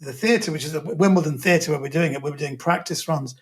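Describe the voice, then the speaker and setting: A man's voice: fairly high pitch, fairly quick. A man, a guest comedian, telling stories in a casual chat and animatedly acting out what people said. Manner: animated storyteller, acts out quotes.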